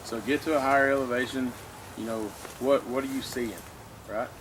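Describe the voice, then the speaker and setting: In a noisy room, a man with a Southern US accent teaches land navigation in an informal classroom lecture. His medium-pitched voice holds a steady tone at normal speed, and he keeps a folksy manner, tossing questions to the room and saying "you know" and "okay" a lot.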